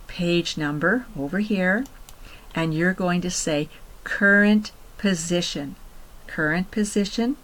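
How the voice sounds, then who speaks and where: Slow, patient woman teaching software. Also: on the low side, poor audio. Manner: patient step-by-step instructions, repeats key points. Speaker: computer teacher. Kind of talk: screen-recorded software tutorial.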